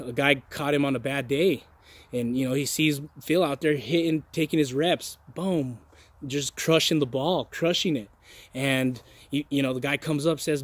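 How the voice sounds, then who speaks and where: Rambling earnest motivational guy. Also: mid-range voice. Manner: rambling, many restarts and repeated words; folksy, earnest pep-talk delivery. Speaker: motivational vlogger. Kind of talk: casual motivational monologue.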